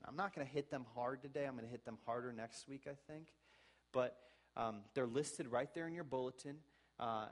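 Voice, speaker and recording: A male pastor preaching a sermon. He exhorts the congregation earnestly, swings from soft to loud, and acts out sample apologies in a conversational voice. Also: mid-range voice.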